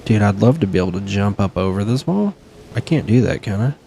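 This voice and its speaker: A man's voice: lowish voice, animated, fairly quick, gravelly, dark tone, slight background noise. A man casually commentating his own game, chatty and swearing, talking back at enemies and sniffling near his desk mic. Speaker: gaming streamer.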